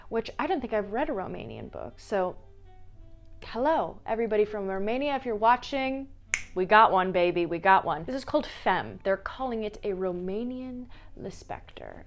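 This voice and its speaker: A woman talks through her book pile in a relaxed, casual vlog. She is playful and drops jokey asides between books, in a voice of ordinary pitch. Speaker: book vlogger. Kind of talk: casual chat.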